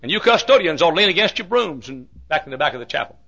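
Preacher man going hard, high bright gravelly voice, loud then quiet. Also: very animated, fast talker, a little hiss or hum. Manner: fiery preaching with sudden shouts and drops to quiet. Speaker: pastor. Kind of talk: sermon.

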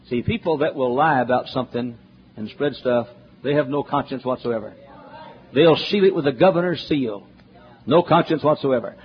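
A man's voice: medium pitch, normal speed. A man preaching a sermon through a Bible chapter, folksy and joking, building to emphatic points, on a dull lo-fi recording with faint noise.

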